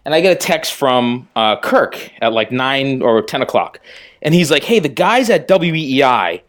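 A radio producer appearing as a podcast guest tells a story in casual chat, acting out both sides of each conversation and swearing freely. His mid-range voice is sing-song and a bit bright, at a moderate pace.

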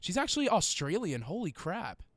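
A man's voice: high-pitched, sing-song, moderate pace, a bit bright, no echo. A man co-hosting a casual podcast, joking crudely and laughing often. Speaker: podcast co-host. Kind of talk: casual chat. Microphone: studio mic.

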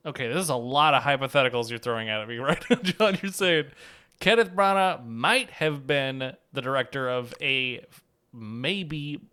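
A man's voice: medium pitch, normal speed, smooth. A man co-hosting a podcast in casual pop culture chat, joking and laughing often. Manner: jokey, laughs often, lively. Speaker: podcast co-host.

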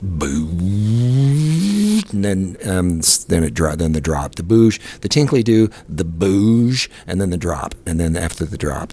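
A man from Iowa co-hosts a loose comedy podcast, rambling with frequent restarts. His voice is deep and gravelly with plenty of fry. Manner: rambling, halting, many restarts. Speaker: podcast co-host. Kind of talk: casual comedic podcast chat.

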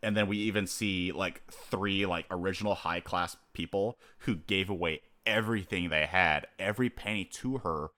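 A man co-hosting a podcast in casual chat, animated, acting out characters' lines and his own reactions and laughing often. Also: low-pitched, moderate pace, few pauses. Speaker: podcast co-host.

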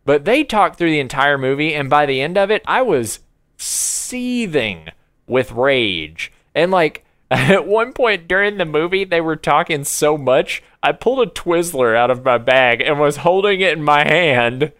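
A young man in casual chat, telling a story in an animated way and laughing often. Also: on the high side, normal speed, few pauses, clean tone.

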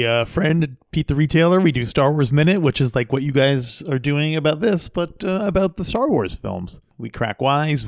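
Male podcast guest, gravelly mid-range voice, dry close sound, wry, laid-back joker. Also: mid-range voice, no room sound. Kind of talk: casual podcast chat.

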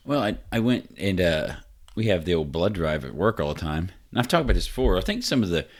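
A man's voice: sits low, big pitch swings, fairly quick. A man co-hosting a podcast, telling a story in a rambling, casual way with slang, cursing and laughter. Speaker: podcast co-host.

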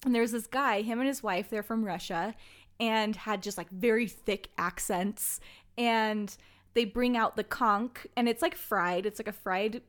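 A woman's voice: medium pitch, measured pace. Chatty young woman podcast co-host. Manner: chatty, rambling, lots of "like" fillers. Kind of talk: casual chat.

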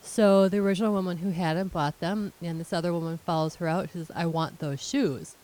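Explaining woman with a lowish voice. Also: steady tone, quick pace, darkish tone, rough recording. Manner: explanatory, acts out characters' lines while retelling. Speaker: podcast co-host. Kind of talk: casual recap chat.

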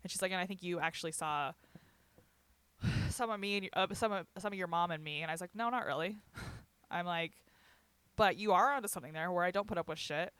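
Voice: mid-range voice, brisk, fairly bright tone, smooth, no echo. A young adult telling a personal story in casual chat, candid and profane, laughing often and quoting others. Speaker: guest recounting a hospital stay.

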